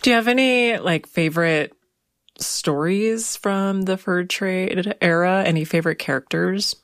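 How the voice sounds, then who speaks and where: Woman host, lowish voice, curious questions, dry close mic. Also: a little slow, no echo. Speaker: interviewer, host.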